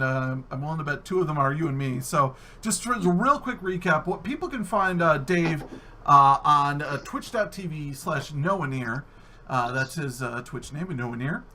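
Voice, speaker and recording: Chatty podcast host guy, bright voice, kinda high. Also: a little hiss or hum. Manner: chatty, easygoing questions. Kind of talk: casual podcast interview.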